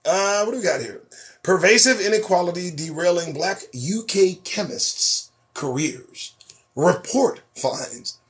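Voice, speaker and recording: A man hosting a live stream, reading news headlines aloud and ranting about them in a sarcastic, profane, animated way. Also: high voice, measured pace. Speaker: host. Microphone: phone or webcam on a live stream.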